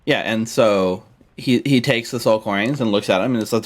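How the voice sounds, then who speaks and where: A man's voice: on the low side, normal speed. Casual male game master on a call. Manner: casual, laughing, lots of "like" fillers. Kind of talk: narrating a tabletop game over a call.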